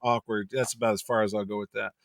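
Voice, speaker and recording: A man's voice: on the low side, fast talker, gravelly, dry recording, studio quality. A middle-aged man, a convention promoter, telling anecdotes on a podcast and acting out the people in them. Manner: animated storyteller, acts out quotes.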